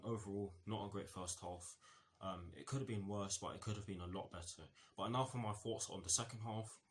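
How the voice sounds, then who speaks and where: A man's voice: deep voice, a bit bright, slight background noise. A man giving a casual football match review, rambling with many fillers, false starts and self-corrections.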